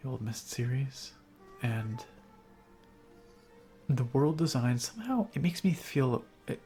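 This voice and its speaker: A man's voice: medium pitch, sing-song, slow pace, mellow, soft background music. A man casually chatting and laughing as he streams a game, rambling between thoughts. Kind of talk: casual gameplay commentary.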